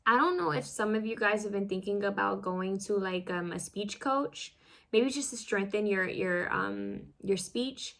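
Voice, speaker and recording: A woman's voice: mid-range voice, unhurried, a bit bright. A woman giving a casual pick-a-card tarot reading, rambling and self-conscious, full of fillers and restarts as she fumbles over her words.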